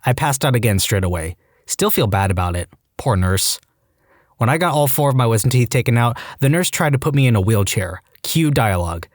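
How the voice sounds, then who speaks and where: The recording has studio quality with no echo as a medium-pitched man narrates scripted online stories at a brisk pace. He's lively throughout, giving the quoted lines their own varying voices.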